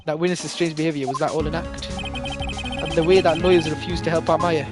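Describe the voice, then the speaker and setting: A streamer reading a story game aloud, voicing the lawyer hero with animated, joking asides. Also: medium pitch, brisk. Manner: animated, jokey asides, swaps voices between characters. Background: loud game music.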